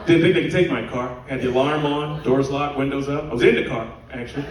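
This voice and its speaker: A man performing a stand-up comedy routine on stage, telling stories in an animated way. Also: mid-range voice, fast talker, hardly any pauses. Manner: animated storytelling with laughter. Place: cruise ship theater, live audience. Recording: echoey room from far off, audience noise.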